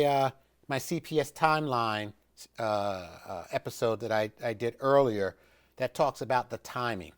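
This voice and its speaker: Emphatic man giving casual instruction. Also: mid-range voice. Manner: conversational and emphatic, with frequent restarts and fillers. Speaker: instructor of an educational video series. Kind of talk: informal instructional talk.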